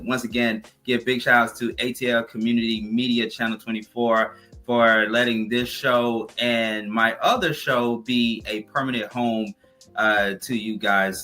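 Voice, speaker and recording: A man hosting a community TV talk show, asking questions and running through upbeat plugs and thank-yous. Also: medium pitch. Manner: upbeat sign-off with repeated plugs. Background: soft music bed.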